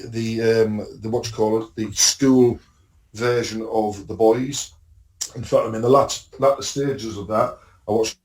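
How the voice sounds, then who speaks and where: A man co-hosting a podcast, casually recapping TV episodes, rambling and swearing, acting out scenes. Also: medium pitch. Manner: rambling, swearing, acts out scenes with bursts of excitement. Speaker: podcast co-host. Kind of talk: casual chat about TV shows.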